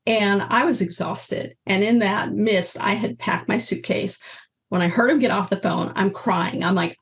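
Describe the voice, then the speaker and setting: A woman in her sixties, an energy healer and teacher, appears as a guest in a casual interview. She is an animated storyteller who acts out the voices she quotes, speaking at a normal speed with a medium-pitched voice.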